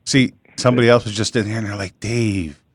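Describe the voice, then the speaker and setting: A man in his forties hosting a radio comedy interview show, talking casually in a flat, monotone way. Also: fairly low pitch, rapid-fire, breathy edge, no room sound, clean studio sound. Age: 40s.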